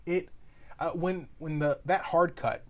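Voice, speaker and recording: A man's voice: on the high side, steady tone, a little slow. A man co-hosting a podcast, chatting casually and often restarting his sentences as he searches for words. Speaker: podcast co-host. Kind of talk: casual chat.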